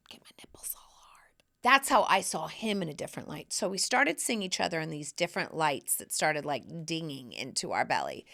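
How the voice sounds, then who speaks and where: A woman hosts her own podcast in a bright, forward voice. She tells a long personal story in easy, casual talk. When she quotes people she acts them out, her voice jumping up high and dropping low. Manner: animated, acts out quotes with big pitch jumps. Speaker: podcast host.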